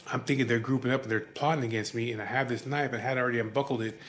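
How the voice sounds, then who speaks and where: A man's voice: mid-range voice, fairly even intonation, racing, fairly bright tone, slight background noise. A man casually telling a personal story in a rambling, profane way, with lots of fillers.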